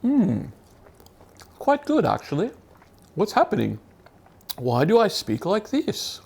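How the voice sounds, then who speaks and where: Man doing a smug gentry type, pitched way up, mock-posh, gravelly edge. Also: very animated, a little fast, darkish tone, heavily acted. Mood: smug, pompous. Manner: mock-posh put-on voice, drifting toward Australian. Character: pompous upper-class male gentleman, adult, smug.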